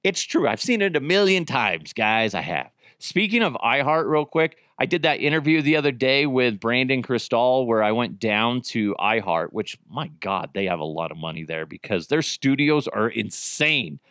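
A man's voice: mid-range voice, expressive, normal speed, hardly any pauses, fairly bright tone, clear, resonant tone, no room sound, studio quality. A man hosting his own podcast in casual solo chat, crude and joking, often poking fun at himself. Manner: crude, joking, self-mocking. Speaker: podcast host.

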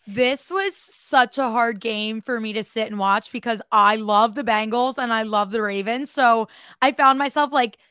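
A woman's voice: a little high, moderate pace, a bit bright, smooth, dry recording, studio quality. Chatty, giggly woman co-host. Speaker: podcast co-host. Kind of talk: casual chat.

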